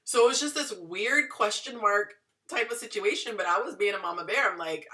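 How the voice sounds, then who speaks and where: A woman in her thirties telling her story to viewers in a chatty, animated way. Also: mid-range voice, fairly quick, far from the mic. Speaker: dating and relationship advice vlogger.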